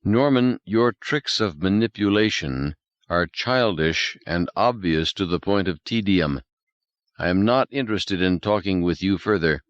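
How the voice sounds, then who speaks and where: A man voicing a cold, vengeful alien intelligence that speaks slowly, stiffly and formally. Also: low voice, lively intonation, dry recording, muffled recording. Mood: menacing. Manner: slow, stiff, formal and menacing.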